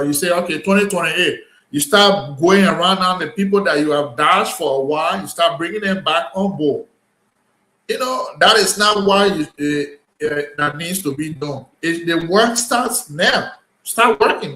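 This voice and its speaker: A man's voice: sits high, pushed and bright, echoey room, poor audio. A man in a casual talk-show chat, speaking earnestly and often restarting his phrases.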